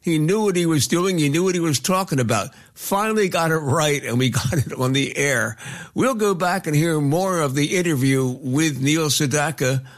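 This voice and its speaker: Older guy radio host, slightly high voice, chatty, chuckles as he tells stories. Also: lively intonation, moderate pace. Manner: chatty storytelling, chuckles between phrases. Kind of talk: radio show host talk.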